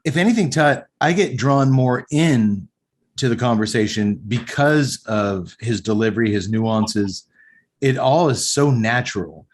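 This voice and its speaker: A man in an average pitch talks eagerly through a movie on a casual podcast. He retells the scenes and mixes in his own opinions as he goes. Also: animated, unhurried. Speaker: podcast host. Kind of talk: casual film recap and review chat.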